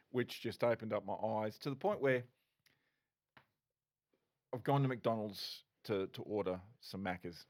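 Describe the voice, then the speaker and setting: Man, middle-aged, ex-cop podcast guest, candid, blunt. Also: fairly low pitch. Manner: frank, animated, swears, restarts often. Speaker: podcast guest, former police officer. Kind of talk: candid conversational storytelling.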